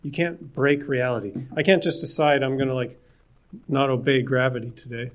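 A man's voice: mid-range voice, fairly even intonation, moderate pace. A man preaching a sermon in an earnest, conversational way, with jokes and asides to the listeners.

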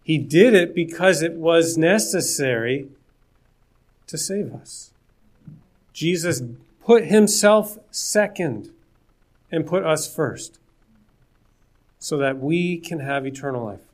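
A man's voice: a little high, lively intonation, slow pace, pauses often. A man preaching a sermon in an earnest, conversational way, with jokes and asides to the listeners.

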